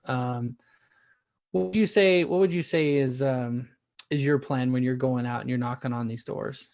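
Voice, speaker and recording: A man's voice: mid-range voice, normal speed, vocal fry, a little mellow, no room sound, studio quality. A male podcast host interviewing a guest, rambling and encouraging with frequent restarts. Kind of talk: casual interview hosting.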